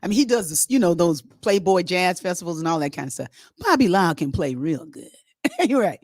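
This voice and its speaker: A middle-aged woman hosting, telling a story to her online audience in a lively, chatty, rambling way. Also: on the low side, a little fast, dry recording, studio quality. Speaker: host.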